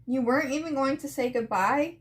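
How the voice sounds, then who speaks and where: A woman reading as a clingy little boy begging not to be left, fairly high voice, comic read-aloud. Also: brisk, natural voice. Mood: pleading. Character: young boy, clingy, pleading, upset.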